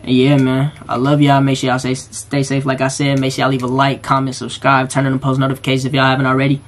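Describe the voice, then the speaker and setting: A man with a mid-range voice comments on a clip in a relaxed, chatty way, full of slang. He talks straight to his viewers as the host of his own reaction channel. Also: medium pitch, fast talker, slight background noise.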